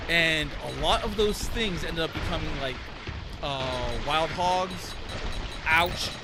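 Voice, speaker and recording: A man's voice: on the high side, slow, noisy background. A man casually telling a story while streaming a game, rambling with many fillers and laughs. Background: game music.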